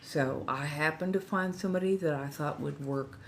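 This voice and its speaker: Low-voiced chatty Californian woman. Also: normal speed, a little hiss or hum. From Southern California. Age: 40s. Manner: chatty, rambling, effusive. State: slightly tipsy. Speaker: livestream host. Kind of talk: casual livestream chat. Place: friend's house.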